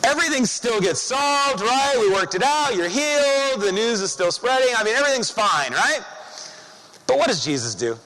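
High-voiced male pastor in a reverberant hall. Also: animated, normal speed, hardly any pauses, sharp tone. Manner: conversational, rhetorical questions to the congregation. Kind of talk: sermon.

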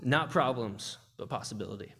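A man's voice: mid-range voice, expressive, moderate pace, a bit bright, slightly rough. Young guy preaching at church, earnest and heartfelt, keeps restarting his sentences, mid voice. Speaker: campus ministry speaker. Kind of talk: church testimony and sermon. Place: church service.

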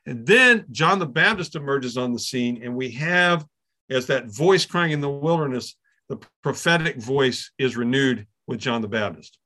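A man's voice: mid-range voice, animated, normal speed, sharp tone. A middle-aged man teaching a Bible lesson in a conversational way, often checking in with his listeners and repeating words as he restarts.

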